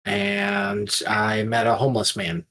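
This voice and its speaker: A man's voice: on the low side, fairly even intonation, slow pace, a bit bright. A man playing in a tabletop game, recapping events in a casual, offhand way. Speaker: player.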